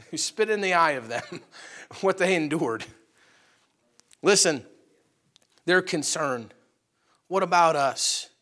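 A pastor preaching a conversational sermon to his congregation, swinging between loud animated outbursts and quiet asides. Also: on the high side, takes it slowly, pauses often.

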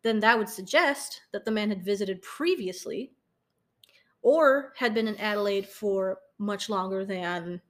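A young woman tells a true-crime case in a loose, conversational way. She giggles between sentences, trips over her words and doubles back to fix them, filling gaps with um and like. Her pitch sits at an ordinary middle for a woman. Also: unhurried. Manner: giggly, stumbles and corrects herself, many ums. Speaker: podcast co-host. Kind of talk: casual true-crime storytelling.

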